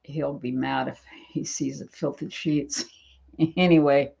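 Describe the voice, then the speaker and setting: A woman's voice: very deep voice, steady tone, a little slow, creaky, a little mellow, lo-fi sound. A woman of seventy, chatting on her live stream from home, who rambles, laughs often and acts out what others said. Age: 70s. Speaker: channel host. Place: at home in bed.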